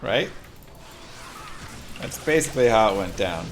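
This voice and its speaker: A man's voice: medium pitch, animated, unhurried, long pauses, a little hiss or hum. A man streaming a game, chatting and joking with viewers as he plays. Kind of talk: casual gameplay commentary.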